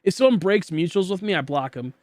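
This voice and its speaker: Young male streamer from Michigan, slightly high voice, dry close sound, rambling goofy casual chatter. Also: lively intonation, brisk, darkish tone, no room sound. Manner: rambling, goofy, filler-heavy. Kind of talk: casual chat while gaming.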